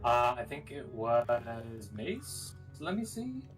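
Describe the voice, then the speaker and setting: A man playing in a tabletop game over an online call, hesitant with many pauses. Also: mid-range voice, sing-song, far from the mic, soft background music. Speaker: player.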